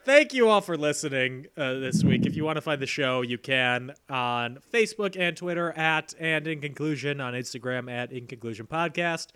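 Male podcast host, slightly high, animated delivery, jokey and playful. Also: moderate pace, hardly any pauses, smooth. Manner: playful, jokey, laughs often. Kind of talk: casual podcast chat.

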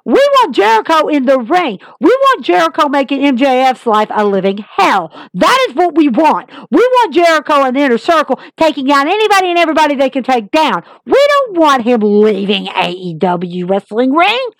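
A woman's voice: high-pitched, big pitch swings, normal speed, few pauses, no room sound. Emphatic woman recapping wrestling, dry sound. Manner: emphatic, repetitive, fan-like exasperation. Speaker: wrestling podcast host. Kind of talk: casual recap commentary.

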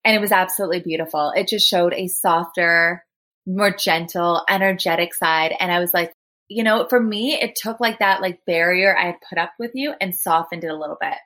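A woman co-hosting a podcast, telling a story in an animated, chatty way, full of "like" and "literally". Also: on the low side, fairly quick. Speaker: podcast co-host. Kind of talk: casual storytelling chat.

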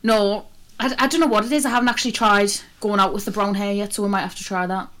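Woman, twenties, podcast co-host, casual chat, playful, quick jokes. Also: medium pitch, steady tone, fairly bright tone.

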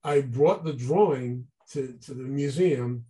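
A man telling a long story as an interview guest, animated and acting out the voices of people he quotes. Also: medium pitch, a little slow, poor audio. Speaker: guest artist. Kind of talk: casual storytelling.

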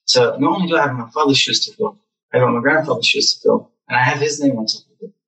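A young man telling lively stories about his childhood as a guest in a casual interview. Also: mid-range voice, quick pace, far from the mic, poor audio. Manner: animated, acts out childhood memories.

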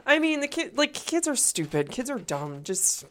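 A young woman co-hosting a podcast, chatting casually in an animated, joking way and swearing freely. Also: sits high, moderate pace. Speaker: podcast co-host. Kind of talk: casual chat.

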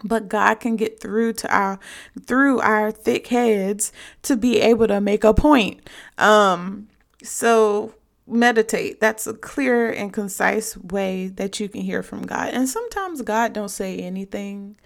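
Female podcast host, devotional chat, earnest and direct, some vocal fry. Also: medium pitch, slow pace. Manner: earnest, conversational, addresses listeners directly. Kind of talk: casual devotional podcast talk.

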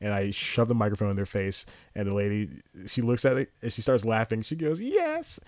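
A man talks alone into his podcast mic at home, rambling loosely and poking fun at himself. His voice sits low, and the sound is close and dry, with almost no room around it. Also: steady tone, brisk, dry recording. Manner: rambling, self-mocking, laughs at own jokes; jumps into high-pitched impressions mid-story. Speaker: podcast host. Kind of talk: solo casual podcast chat. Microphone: home podcast mic, solo at laptop.

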